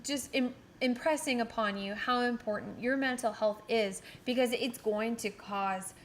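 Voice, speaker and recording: Swearing, blunt woman with a high voice. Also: unhurried, a little hiss or hum. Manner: blunt, swears often, laughs mid-sentence. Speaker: podcast co-host. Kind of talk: casual podcast chat.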